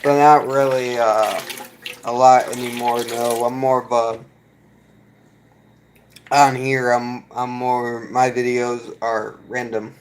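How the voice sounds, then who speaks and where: A man's voice: mid-range voice, level tone, slow pace, pauses often, a little hiss or hum, low-quality recording. A man talking casually to his viewers in a mid-range voice, reading their comments as he goes. He rambles a bit, restarting sentences and filling gaps. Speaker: video creator reading chat. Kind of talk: casual live chat.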